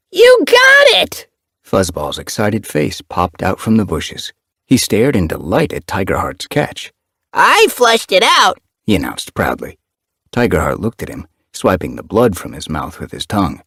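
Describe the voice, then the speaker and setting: A man narrating a story in an expressive storytelling manner. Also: deep voice, vocal fry, husky, no room sound, clean studio sound. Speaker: audiobook narrator. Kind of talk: scripted narration.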